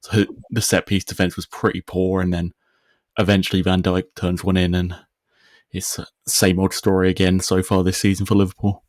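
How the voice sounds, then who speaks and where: A man co-hosting a sports podcast, giving measured, analytical comments in a casual chat. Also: low voice, little pitch movement, a little mellow, no room sound, studio quality. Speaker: podcast co-host.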